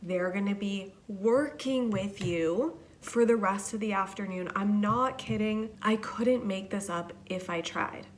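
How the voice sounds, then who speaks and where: A woman's voice: mid-range voice, a little slow, hardly any pauses, a little hiss or hum. A young woman hosting a podcast, telling a rambling, profane, self-deprecating story in a casual monologue. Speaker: podcast host.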